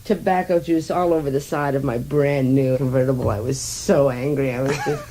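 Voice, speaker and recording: A woman's voice: rumbling low, steady tone, normal speed, noisy background. An American woman chatting as a radio interview guest, telling stories with dry wit. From United States. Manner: witty, chatty storyteller. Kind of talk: casual radio interview chat.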